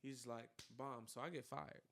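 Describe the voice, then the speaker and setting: A young man telling a personal story in casual chat, animated and full of fillers, acting out quoted dialogue. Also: mid-range voice, moderate pace. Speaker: podcast co-host telling his story.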